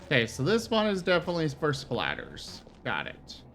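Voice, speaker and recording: Lively, bright-voiced teasing man. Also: fairly high pitch, moderate pace, a little hiss or hum. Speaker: gamer. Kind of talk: casual co-op gameplay chat.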